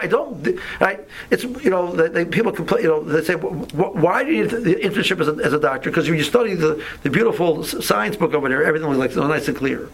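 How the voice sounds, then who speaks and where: A man's voice: high voice, vocal fry, fairly bright tone, breathy edge, low-quality recording. A man teaching an informal Torah class, talking conversationally with many restarts and asides.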